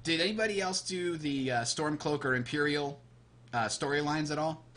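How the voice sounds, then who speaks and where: A man co-hosting a casual gaming podcast, telling animated stories and acting out the lines he quotes. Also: on the high side, normal speed. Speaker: podcast co-host.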